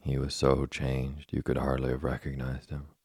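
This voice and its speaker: A man reading a classic children's story aloud as a slow, soft, monotone sleep story. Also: extremely low pitch, breathy edge, no echo, studio quality. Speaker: narrator. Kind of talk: scripted sleep story narration.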